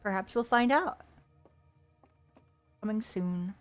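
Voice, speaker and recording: A woman's voice: medium pitch, slow, faint music behind. A woman streamer giving playful, chatty gameplay commentary and reading in-game text aloud with joking asides.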